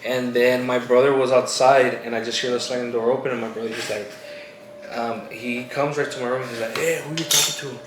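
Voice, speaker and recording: A man's voice: medium pitch, level tone, a little fast, noisy background. A young man hosting a vlog, telling a scary story casually with lots of slang and fillers. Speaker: vlog host. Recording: echoey room with music playing.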